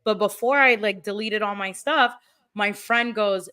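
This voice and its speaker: A woman's voice: medium pitch, moderate pace. A young woman hosting a podcast, chatting casually and acting out her own reactions as she tells stories. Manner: animated storyteller, acts out her own reactions. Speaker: podcast host. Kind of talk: casual chat.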